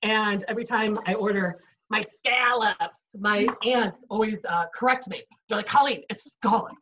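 A woman's voice: mid-range voice, normal speed, fairly bright tone, far from the mic, lo-fi sound, slight background noise. A woman chef instructor with a Chicago accent, talking through a cooking demo in her home kitchen, chatty and explanatory. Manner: chatty, explains as she cooks, frequent "right?" and "um". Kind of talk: cooking demonstration.

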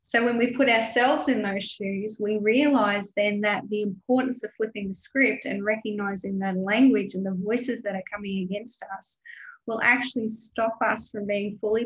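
A woman's voice: medium pitch, poor audio. A woman guest, a mentor who runs an online course, speaking earnestly and explaining her point in a casual video-call chat. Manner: earnest, teaching tone.

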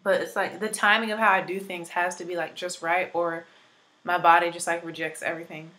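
A woman's voice: lowish voice, fairly even intonation, fairly quick, pushed and bright, rough recording. A woman in her twenties chatting casually through a makeup tutorial, rambling with lots of fillers, recovering from being sick. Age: 20s. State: recovering from illness. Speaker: beauty vlogger.

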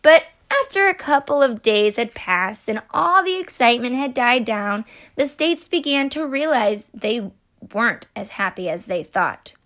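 Woman, children's book read-aloud, unhurried, slightly high, gently expressive. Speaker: reader of a children's picture book.

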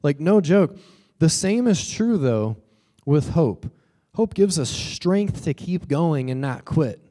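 Animated young man preaching a story. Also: on the high side, takes it slowly. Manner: animated storytelling with acted-out quotes. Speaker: pastor. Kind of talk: sermon.

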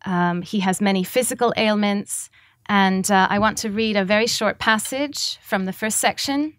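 A woman author from Massachusetts, speaking softly with many ums and reading from her novel at a bookstore event. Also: mid-range voice, normal speed, no echo. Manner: soft-spoken, frequent ums.

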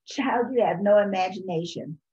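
A woman voicing a loving, firm mother of two boys who speaks low and soothing. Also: normal speed, warm tone, dull audio, natural voice. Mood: amused.

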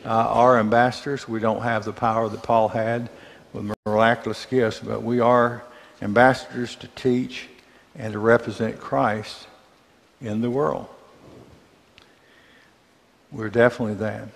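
A man from Mississippi with a Southern accent, teaching a church Bible class in a conversational way, asking the class questions and pausing on fillers. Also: medium pitch, little pitch movement, gravelly, in a large hall.

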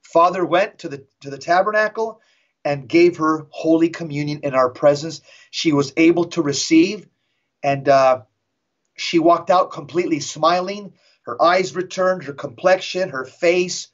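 A middle-aged man, a guest on an interview show, telling a dramatic story in an intense, emphatic way and slowing down for effect. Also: on the high side. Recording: dull lo-fi audio.

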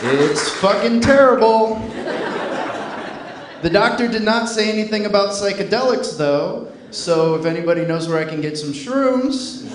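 Male stand-up comedian, deadpan and dry, high voice, roomy club sound. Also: a little slow, noisy background. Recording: echoey club with loud crowd laughter.

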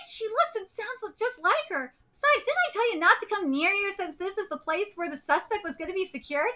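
A woman streaming a live reaction, reading a comic's dialogue aloud and breaking into shrieking, excited fan outbursts. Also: fairly quick. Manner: switches between low, even reading and shrieking fan excitement.

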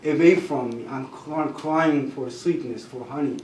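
A man with a Persian accent and Persian as his first language, telling personal stories at a gathering, halting and restarting, with soft laughs. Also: mid-range voice, a little hiss or hum. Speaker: storyteller at a gathering. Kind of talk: personal storytelling. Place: gathering room. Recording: echoey room, mic far off.

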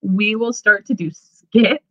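A woman's voice: mid-range voice, slow pace, no echo. A woman co-hosting a podcast in casual chat, who swears often and laughs easily. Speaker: podcast co-host. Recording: dull lo-fi podcast mic.

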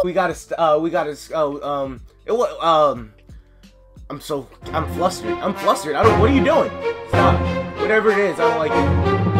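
Male gamer commentator, bright and high voice, swings from mutters to sung shouts, faint music behind. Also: lively intonation, normal speed. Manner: yells and chants, sings cheers, flustered self-talk. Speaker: gaming commentator. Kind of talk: excitable live gameplay commentary.

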